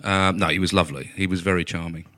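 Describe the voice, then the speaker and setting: A man guesting on a football podcast, telling stories in a rapid, self-mocking way. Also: sits low, fairly even intonation, bright, forceful tone, no room sound, studio quality. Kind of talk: casual football chat.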